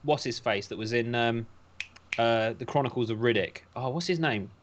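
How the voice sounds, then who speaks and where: A man's voice: medium pitch, moderate pace, dull audio, a little hiss or hum. British man reading news on a podcast. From United Kingdom. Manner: jokey, sarcastic asides while reading. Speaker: podcast co-host. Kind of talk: casual chat and reading news aloud.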